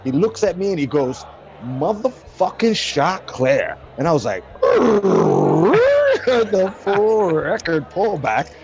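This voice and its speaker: Excited man telling an anecdote. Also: high voice, normal speed, highs cut off, very noisy. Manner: excited, acts out quotes, many fillers. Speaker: guest musician. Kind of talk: animated storytelling.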